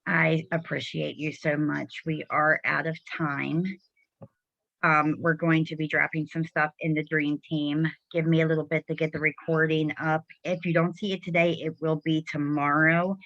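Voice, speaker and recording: Low-voiced, upbeat woman hosting a video call. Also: a bit bright, no room sound. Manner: encouraging, enthusiastic. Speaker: host. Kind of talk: casual video call chat. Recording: dull lo-fi video call audio.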